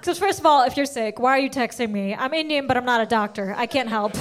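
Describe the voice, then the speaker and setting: A woman's voice: a little high, fast talker. A woman performing a stand-up comedy set, brash and crude, firing off self-mocking punchlines. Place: comedy stage before a laughing audience.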